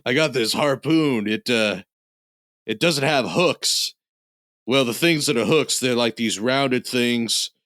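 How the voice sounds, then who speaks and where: A man co-hosting a comedy podcast in casual chat, telling drawn-out jokes at an unhurried pace. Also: mid-range voice, a bit bright, dry recording, clean studio sound. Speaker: podcast co-host.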